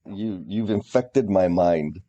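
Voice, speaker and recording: A man's voice: sits low, slow pace, dark tone, dull audio. A man co-hosting a podcast, talking casually and reflectively. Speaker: podcast co-host. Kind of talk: casual chat.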